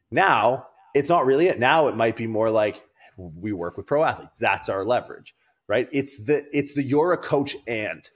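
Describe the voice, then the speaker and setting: A podcast co-host with a medium-pitched, breathy-edged voice tells stories in casual chat. He rambles and swears freely.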